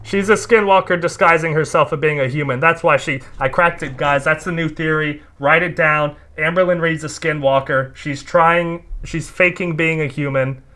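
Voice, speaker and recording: A man's voice: on the high side, fairly even intonation, moderate pace, few pauses, bright, forceful tone. A man giving sarcastic, mocking reaction commentary on a video.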